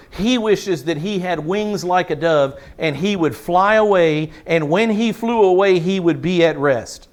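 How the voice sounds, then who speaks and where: A man pastor preaching a sermon, emphatic, repeating words for stress and asking the congregation questions. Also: sits high.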